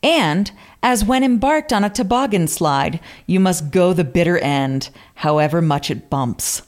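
A woman's voice: lowish voice, animated, measured pace. A woman co-hosting a podcast, reading old quotes aloud with theatrical flourish and amused asides in casual chat. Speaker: podcast co-host.

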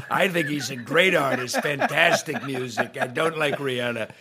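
A man's voice: medium pitch, normal speed, crowd noise, voice pushed up, lightly acted. A male impressionist putting on a brash, rambling older male public figure who makes blunt asides over audience laughter. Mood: boastful.

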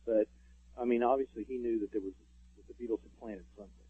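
A man's voice: medium pitch, steady tone, fast, husky, dry recording. A man, a radio show guest, telling stories in casual interview talk with lots of fillers. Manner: rambling storyteller, many fillers. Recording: tinny phone line.

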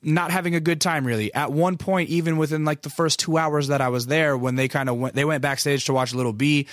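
A man's voice: fairly high pitch, fairly even intonation, brisk, fairly bright tone, no room sound, clean studio sound. A man telling a long story in casual, rambling speech, full of profanity and self-deprecating asides.

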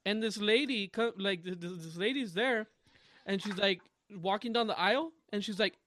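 A man telling stories on a podcast, animated and acting out the people he quotes. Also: high-pitched, moderate pace, no room sound. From Colombian family. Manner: animated storyteller, mimics voices in quotes. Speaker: podcast co-host. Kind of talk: casual podcast chat.

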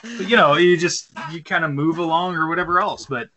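Bright-voiced man telling rambling stories. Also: a little high, brisk. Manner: rambling storyteller with many fillers and restarts. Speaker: podcast co-host. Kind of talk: casual chat over beer.

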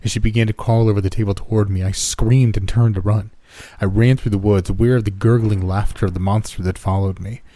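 Dark-voiced man narrating horror. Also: fairly low pitch. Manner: steady, measured first-person reading. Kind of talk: scripted horror story narration.

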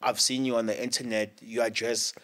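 A man's voice: mid-range voice, a little fast. A man hosting a podcast, chatting casually and backing his guest up with frequent affirmations. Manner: relaxed, lots of affirming backchannels. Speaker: podcast host. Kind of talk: casual interview chat.

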